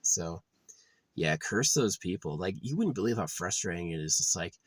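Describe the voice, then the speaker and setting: A man's voice: sits low, expressive, normal speed, husky, no echo. A man on a profane, agitated ranting monologue, often repeating himself. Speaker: vlogger.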